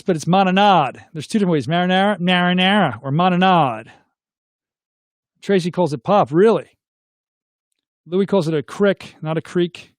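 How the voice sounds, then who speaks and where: A middle-aged man hosts a casual live chat, reading viewer comments aloud and tossing questions back to his audience. His voice sits fairly high for a man. The sound is close and dry. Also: darkish tone, no echo. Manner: chatty, reads comments aloud and asks viewers to weigh in.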